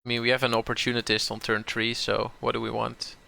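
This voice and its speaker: A man's voice: medium pitch, level tone, brisk, vocal fry, bright, forceful tone. A man from the southern Netherlands with a Dutch accent, thinking aloud as he plays and streams a card game, often repeating words as he corrects himself.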